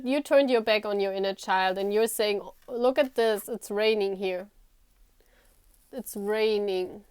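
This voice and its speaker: A woman's voice: a little high, dry recording, clean studio sound. Chatty, giggly woman giving a tarot reading. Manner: talks directly to the viewer, repeating "you know". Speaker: tarot reader. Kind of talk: casual tarot reading to camera.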